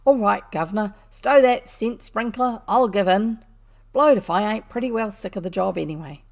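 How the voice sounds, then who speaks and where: A woman voicing a big, rough male burglar, wheedling and sullen. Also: medium pitch, normal speed, natural voice. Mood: gruff. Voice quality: husky.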